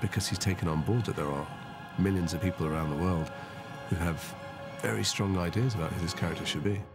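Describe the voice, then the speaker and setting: A man's voice: deep voice, brisk. A man, a filmmaker, earnestly explaining the production in an interview. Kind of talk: interview commentary. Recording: interview with music under it.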